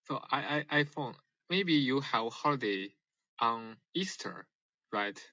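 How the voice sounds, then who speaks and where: A man from China calling in to a livestream, speaking English hesitantly with many pauses. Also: medium pitch, lively intonation, bright, forceful tone, dry recording, lo-fi sound. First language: Mandarin. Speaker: caller on a livestream. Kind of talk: casual chat in English as a second language.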